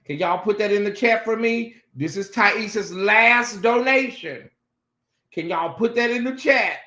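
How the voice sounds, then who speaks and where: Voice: mid-range voice, measured pace, sharp tone, echoey room. A livestream host doing sassy, dramatic chat commentary and talking straight to the viewers.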